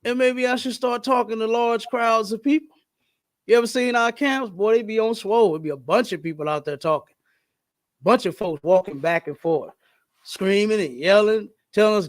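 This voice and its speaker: Emphatic high-voiced man preaching on a podcast. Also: normal speed. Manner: preachy, emphatic, repeats phrases for effect. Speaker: podcast host. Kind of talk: casual chat.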